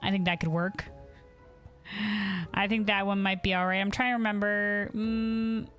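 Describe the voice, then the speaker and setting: Young woman streamer, chatty, laughs a lot, swears, rambling, mid pitch, faint game music behind. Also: little pitch movement, normal speed, a bit bright. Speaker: streamer playing a video game. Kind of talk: casual live-stream chat.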